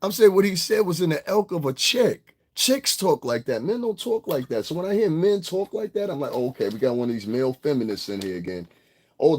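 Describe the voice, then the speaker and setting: A man hosting a livestream, ranting bluntly and profanely straight at his chat and slipping into mocking voices of others. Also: medium pitch. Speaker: online show host. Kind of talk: casual livestream rant.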